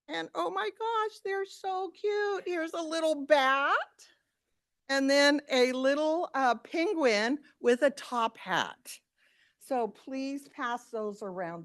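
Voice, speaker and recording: Woman, sewing teacher, animated, chatty, fairly high voice, school board comment. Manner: animated, chatty, quotes the kids.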